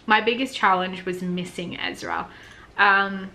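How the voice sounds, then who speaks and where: A woman's voice: medium pitch, steady tone, measured pace, creaky, pushed and bright, a little hiss or hum. An Australian woman in her thirties, chatting casually to camera in a vlog and growing tearful and emotional as she talks. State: close to tears. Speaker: vlogger. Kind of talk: casual sit-down vlog chat.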